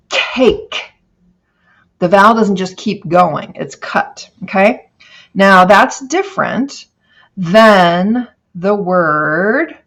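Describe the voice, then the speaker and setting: A middle-aged woman teacher giving a recorded phonics lecture, slowly stretching out example words. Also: mid-range voice.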